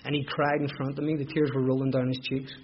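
A man's voice: mid-range voice, flat delivery, fast talker, slightly rough. A middle-aged man with a Belfast accent, candidly telling his own recovery story as personal testimony, with emotional repetitions. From Northern Ireland. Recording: dull lo-fi recording.

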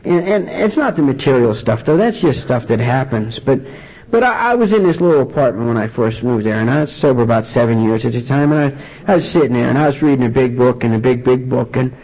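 A man speaking earnestly at a recovery meeting, sharing a personal testimony with many halting restarts. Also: medium pitch, lively intonation, darkish tone. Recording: dull lo-fi recording.

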